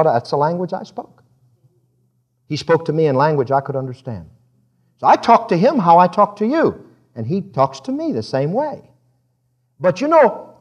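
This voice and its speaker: A man preaching a sermon in a church service, talking frank and conversational, breaking into laughter as he speaks. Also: high voice.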